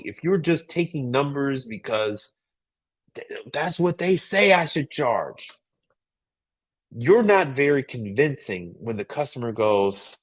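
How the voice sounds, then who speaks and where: Man, livestream host, emphatic, repetitive, mid pitch. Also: sing-song, slow. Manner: emphatic, repetitive, asks "right?" often. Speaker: livestream host giving business advice. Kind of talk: casual livestream talk.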